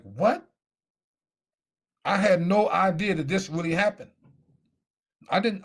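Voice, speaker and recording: A middle-aged man telling his story animatedly in a live Q&A, acting out the voices of people he quotes. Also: fairly high pitch. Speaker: guest speaker.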